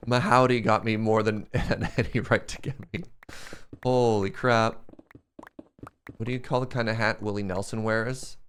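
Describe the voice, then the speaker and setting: A man's voice: mid-range voice, bright, forceful tone, slight background noise. A young man streaming a game, chatting casually and joking as he answers chat questions. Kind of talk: casual live-stream chat while playing.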